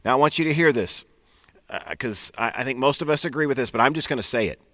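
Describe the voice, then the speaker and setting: Pastor in his forties, folksy sermon delivery, bright tone, dry mic. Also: mid-range voice, fast, dry recording. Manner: conversational, folksy preaching with frequent "right?".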